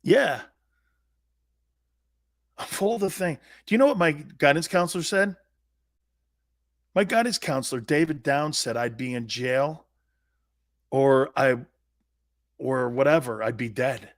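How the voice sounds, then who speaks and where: A man's voice: medium pitch, a little slow, long pauses, no echo, studio quality. A man in his fifties, a sports talk host and former pro player, telling personal stories in a blunt, emphatic way with salty slang. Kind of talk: animated personal storytelling.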